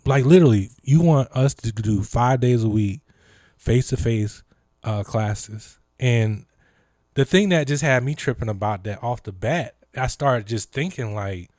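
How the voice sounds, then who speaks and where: A man's voice: medium pitch, measured pace, a little mellow, no echo, studio quality. A man hosting a live stream, telling stories animatedly with lots of fillers and impressions. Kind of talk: casual chat.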